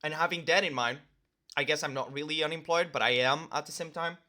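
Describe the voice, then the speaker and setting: A man's voice: on the high side, a little fast, sharp tone. A young man vlogging casually to the camera while eating lunch at home, rambling with lots of fillers and talking with his mouth full.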